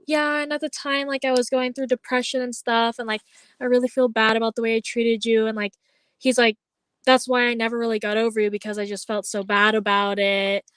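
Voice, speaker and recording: A woman's voice: fairly high pitch, level tone, fairly quick, a bit bright, clear, resonant tone, no room sound. Chatty young woman telling a story. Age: young adult. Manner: chatty storytelling, heavy use of "like", acts out quoted lines. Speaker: podcast co-host. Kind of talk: casual chat.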